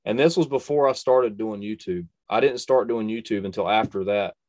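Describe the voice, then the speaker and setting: A man's voice: lowish voice, moderate pace, darkish tone, no room sound. A young adult man telling a personal hunting story in a conversation, earnest and emphatic, repeating phrases for stress. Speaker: hunter and video creator, guest.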